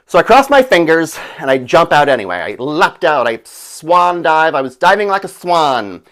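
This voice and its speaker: A brash, gossipy woman, played by a man, breezes through her tale in a comedic monologue. Her voice sits fairly high and swings widely in pitch, full of flippant asides. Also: fairly bright tone. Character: brash chatty old woman survivor.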